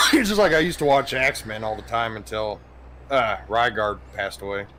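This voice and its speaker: A man's voice: on the low side, unhurried, sharp tone, slight background noise, poor audio. A man chatting with a friend while gaming, telling stories animatedly and swearing freely. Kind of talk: casual chat while gaming.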